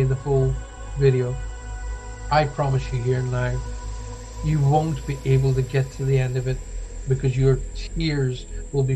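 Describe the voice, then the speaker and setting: A chatty Irish man, from Ireland, hosts a relaxed livestream and talks in a rambling, reassuring way as he reads out viewer comments. His voice sits at an ordinary middle pitch. Faint music plays in the background. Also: low-quality recording. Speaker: psychic medium and livestream host. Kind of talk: casual livestream chat reading viewer comments.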